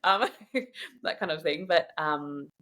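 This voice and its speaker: A woman in a casual interview, telling personal stories in a chatty, animated way and laughing often. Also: low-pitched, slow pace. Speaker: guest sharing her own experience.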